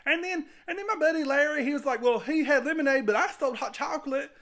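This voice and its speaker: A man's voice: very high voice, fast talker, fairly bright tone. A man playing a nervous, rambling servant who tells his tale in a comic skit. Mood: sheepish.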